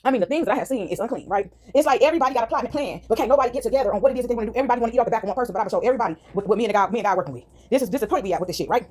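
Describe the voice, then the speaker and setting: Fast-talking woman ranting at home. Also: on the high side, breathy edge. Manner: animated, repeats "right?" and "y'all", rambling. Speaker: vlogger. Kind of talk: casual rant to viewers. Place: at home, indoors. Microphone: phone.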